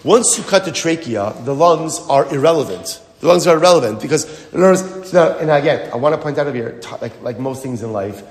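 A man's voice: a little high, expressive, quick pace, hardly any pauses. A man explaining a Talmud passage in an emphatic way, repeating phrases and asking rhetorical questions. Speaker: Talmud teacher. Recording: echoey hall with long reverb.

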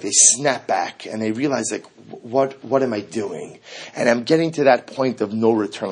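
Husky man teaching a Talmud class. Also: fairly high pitch. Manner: animated, rhetorical questions, Hebrew quotes. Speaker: Torah teacher. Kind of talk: text-based Talmud class.

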